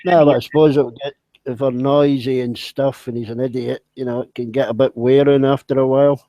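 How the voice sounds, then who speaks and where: Guy host, warm low-key voice, no room sound. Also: fairly even intonation, fairly quick, dry recording, poor audio. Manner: brief responses and dry remarks. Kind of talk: casual chat.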